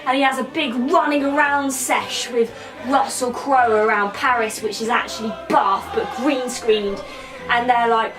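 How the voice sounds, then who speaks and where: A woman playing a comedy character reviewer gives a crude, rambling film recap packed with slang and silly voices. Her voice is on the high side, steady and a little slow, captured on a distant mic with faint music behind.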